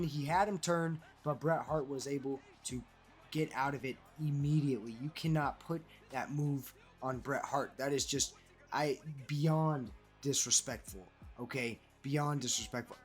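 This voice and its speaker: A man giving casual, animated play-by-play commentary over a wrestling video game he is playing, calling players "brother". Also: mid-range voice, moderate pace, slightly rough, soft background music. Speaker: gaming commentator.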